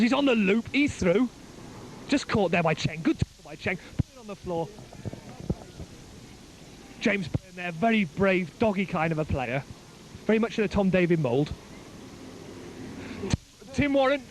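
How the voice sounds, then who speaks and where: A man commentates on a rugby match from the side of an outdoor ground, his voice sitting high. He gets excited as play builds and drops in joking asides. The amateur recording is full of outdoor and traffic noise. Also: rough recording.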